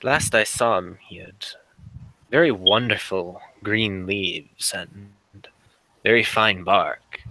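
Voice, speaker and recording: A man voicing an elegant, polite older mother in a tabletop game, in a soft, courteous voice close to his own. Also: on the low side, takes it slowly, full character voice, rough recording. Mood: gracious.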